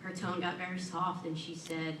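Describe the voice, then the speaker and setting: A woman giving a heartfelt hall of fame acceptance speech at a podium, earnest and warm with self-deprecating humor. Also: fairly low pitch, level tone, normal speed, slight background noise. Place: large event hall at an awards ceremony. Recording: echoey room, voice from far off.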